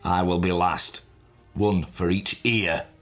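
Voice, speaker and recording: Man putting on a gruff loud sergeant, barking, music low under it. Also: fairly even intonation, slow pace. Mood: raging. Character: gruff loud male army sergeant, brutal.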